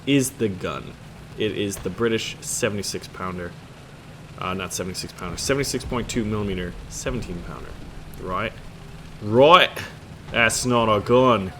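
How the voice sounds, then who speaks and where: Bright-voiced man commentating gameplay. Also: on the low side, a little hiss or hum. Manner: chatty, joking, swears freely.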